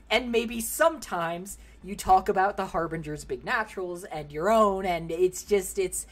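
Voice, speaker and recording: A young woman streaming a game live, animated and laughing as she banters with her chat and an AI companion. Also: medium pitch, takes it slowly, soft background music.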